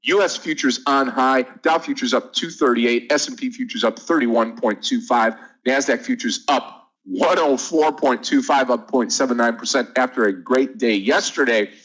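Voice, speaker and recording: A man's voice: mid-range voice, moderate pace, few pauses, a bit bright, poor audio. A man hosting a live day-trading room, running through market numbers and greeting viewers by name in an upbeat, chatty way.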